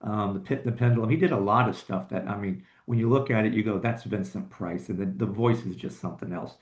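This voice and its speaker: A man's voice: on the low side, quick pace. A man co-hosting a podcast, chatting casually and knowledgeably about old films, sometimes teasing. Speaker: podcast co-host. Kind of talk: casual chat. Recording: echoey room.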